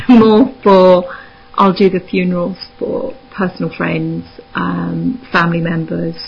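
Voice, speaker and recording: A woman with a Surrey accent, a spiritualist minister speaking calmly and soothingly as a guest on a radio interview. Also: lowish voice, gravelly, husky. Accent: Surrey English. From England. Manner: soft, calm, soothing, chuckles often. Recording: dull lo-fi radio call.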